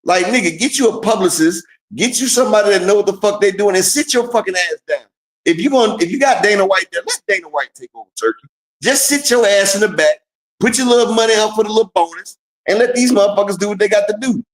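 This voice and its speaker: A man with a high-set voice talks through fight moments in an animated, profane way and acts out the boxers' lines. He sounds like he is in a roomy, echoey space. It is a casual live stream chat. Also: fast. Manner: animated, profane storytelling with acted-out quotes. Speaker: boxing stream co-host.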